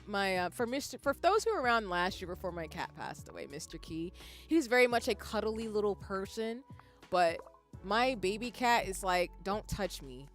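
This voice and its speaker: A woman's voice: medium pitch, animated, moderate pace, soft background music. A woman streamer chatting casually with viewers, rambling and laughing often as she reads the chat aloud. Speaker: live streamer.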